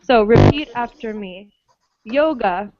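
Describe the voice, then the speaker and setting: A woman's voice: on the high side, dull audio, a loud crowd. A woman teaching an online English pronunciation class, patiently checking that students follow. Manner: slow, patient, checks understanding often.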